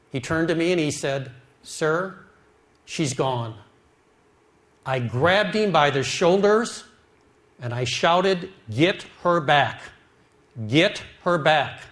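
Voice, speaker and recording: Man telling a slow, heartfelt testimony. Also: a little high. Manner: slow, heartfelt storytelling, drops quiet at sad moments. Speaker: speaker telling his life story. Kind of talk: emotional testimony.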